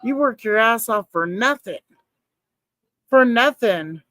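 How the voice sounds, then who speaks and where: A woman's voice: fairly high pitch, lively intonation, takes it slowly, a bit bright, no room sound. A woman chatting casually on a live stream, rambling and swearing, reacting to her chat and calling herself a nervous person.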